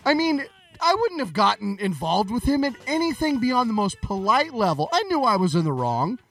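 Man, podcast co-host, casual banter, animated ranting storyteller, high voice, swooping delivery. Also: moderate pace. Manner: animated anecdote telling, ranting.

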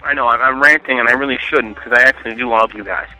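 Fast, ranting man on a voicemail. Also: mid-range voice, steady tone, sharp tone, soft background music, poor audio. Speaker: caller leaving a voicemail. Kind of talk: angry phone rant.

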